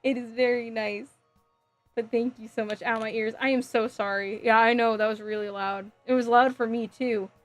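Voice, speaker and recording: A woman with a slightly high voice chats casually on a live stream from home, giggling often and thinking out loud as she reads comments. Faint music plays quietly behind her. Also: steady tone, normal speed. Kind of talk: casual live-stream chat, reading chat aloud.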